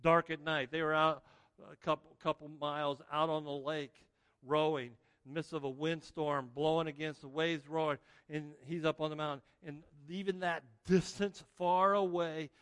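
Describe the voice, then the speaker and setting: A man preaching a sermon as pastor, telling the story in an animated way and acting out the scenes. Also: on the high side, a little slow, clean tone. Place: church sanctuary. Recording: long reverb of a large hall.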